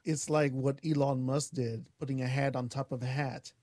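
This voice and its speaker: A man's voice: mid-range voice, normal speed, dry recording. A man hosting a radio talk show, thanking guests and closing the program. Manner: steady, wraps up segments and thanks guests.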